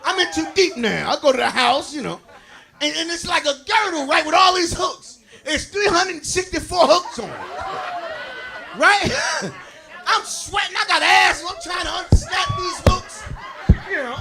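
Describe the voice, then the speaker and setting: A man doing a stand-up comedy routine on stage, boisterous and talking straight to the audience, laughing through his lines and shouting his punchlines. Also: very high voice, huge pitch swings, unhurried, creaky.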